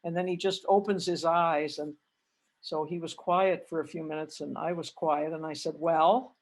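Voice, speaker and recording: An older Canadian woman, a religious sister, giving a gentle reflective retreat talk over a video call and telling personal stories with rising feeling. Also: deep voice, moderate pace. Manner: gentle, reflective, grows animated retelling stories. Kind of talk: spiritual reflection with personal storytelling.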